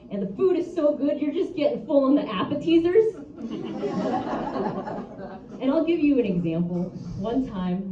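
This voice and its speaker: A woman performing a stand-up comedy set at a brewery open mic, telling crude stories in a bold, chatty way. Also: medium pitch. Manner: bold, crude, conversational storytelling. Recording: roomy, distant, dull, noisy live room.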